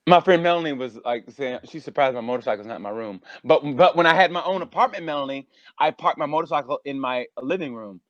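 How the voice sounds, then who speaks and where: A male stand-up comedian talking nonstop as a podcast guest, energetic and full of stammering restarts. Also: medium pitch, quick pace, no room sound, dull audio. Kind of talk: rowdy casual chat.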